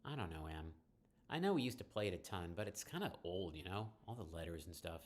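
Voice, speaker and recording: A man's voice: sits low, brisk. A man voicing a bitter young woman who is dismissive of her mother, reading from a text game. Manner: flat, dismissive.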